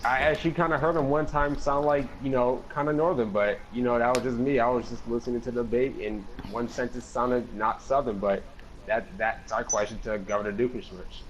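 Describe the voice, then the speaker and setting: A man's voice: mid-range voice, fairly even intonation, brisk, lo-fi sound, a little hiss or hum. A man improvising as a mock political analyst, rambling and hesitant, leaning on "you know" constantly. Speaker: mock political analyst in game role-play. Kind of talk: improvised comedic role-play chat.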